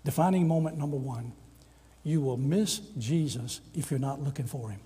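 A man's voice: mid-range voice, moderate pace, husky. An older man preaching a storytelling sermon, acting out the voices in his stories. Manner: animated storyteller, acts out quoted voices. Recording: long reverb of a large hall.

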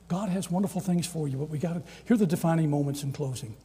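Older preacher in a big hall. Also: male voice, a little high, fast talker, breathy edge. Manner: animated storyteller, acts out quoted voices. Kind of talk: storytelling sermon. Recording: long reverb of a large hall.

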